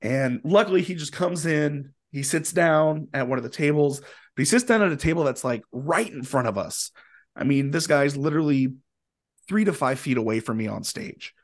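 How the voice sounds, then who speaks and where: A man telling a long story in a casual, animated way, with plenty of fillers and acted-out quotes. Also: a little high, moderate pace. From Indianapolis area, USA. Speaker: guest musician.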